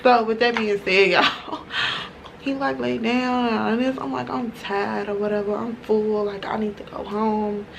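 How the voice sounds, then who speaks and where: A woman chatting through a profane, animated storytime while doing her makeup on camera. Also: a little high, unhurried, gravelly, slight background noise. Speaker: beauty vlogger.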